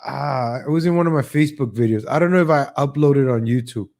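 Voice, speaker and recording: A man's voice: medium pitch, fast talker, gravelly, a little mellow. A man hosting a live online show, ranting in a casual, sarcastic way, often repeating his first words and mocking people in exaggerated voices. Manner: opinionated, sarcastic, jumps between topics; mocks others in exaggerated voices.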